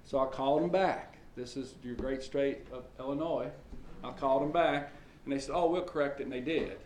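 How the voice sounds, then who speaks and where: A man's voice: mid-range voice, fairly quick, a little mellow, a little hiss or hum. Folksy male preacher in an echoey hall. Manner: folksy storytelling with many fillers and restarts. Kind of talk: sermon. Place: church hall. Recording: echoey church hall with faint ambience.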